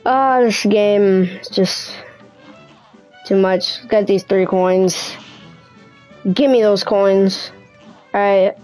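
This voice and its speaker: A woman's voice: medium pitch, steady tone, extremely slow, pauses often, darkish tone, soft background music, rough recording. A woman streamer chatting casually through her gameplay, scattered and full of asides.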